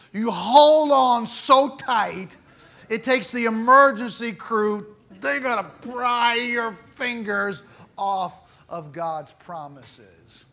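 A man delivering a sermon, his voice high and bright. He takes his time, and he swings between loud, stressed words and quiet, hushed phrases. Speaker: preacher.

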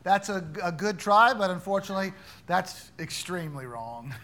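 A man with a high, ringing voice leads a Bible class, firing questions at the room. His tone is bright and forceful, and he teases wrong answers with playful mock-gravity. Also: animated, moderate pace. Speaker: Bible study teacher.

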